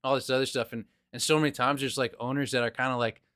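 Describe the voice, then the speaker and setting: A young adult man hosting a podcast, talking in an animated, enthusiastic way, with lots of "dude" and "like.". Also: medium pitch, fast, clear, resonant tone, dry recording, clean studio sound. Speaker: podcast host. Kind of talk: casual chat.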